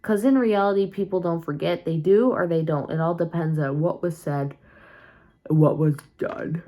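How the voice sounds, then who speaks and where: A woman's voice: fairly low pitch, normal speed, mellow. A tired young woman vlogging casually from home at night, rambling candidly with many fillers and restarts. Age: young adult. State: tired and sleepy. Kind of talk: casual confessional vlog.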